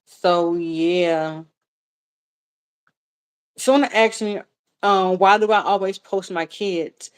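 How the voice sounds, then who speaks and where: A woman's voice: on the low side, takes it slowly, long pauses, clear, resonant tone. A woman in her thirties, a vlogger answering viewer questions in a casual live chat, talking candidly with lots of fillers and repeats. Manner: candid and chatty, with frequent fillers and swearing; rambling, repeats herself.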